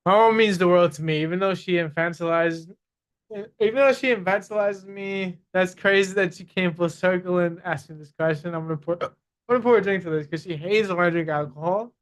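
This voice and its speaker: Podcast guest, male executive, emphatic and repetitive, hiccuping; clear, resonant, high voice. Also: brisk. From Guyanese roots. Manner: confident, emphatic, repeats phrases. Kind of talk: casual interview talk.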